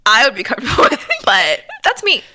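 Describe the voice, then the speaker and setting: A woman's voice: a little high, very animated, a little fast, bright, forceful tone, no echo, clean studio sound. A woman in her twenties co-hosting a podcast, gushing and giggly, saying "like" a lot. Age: 20s. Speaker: podcast co-host. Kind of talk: casual chat.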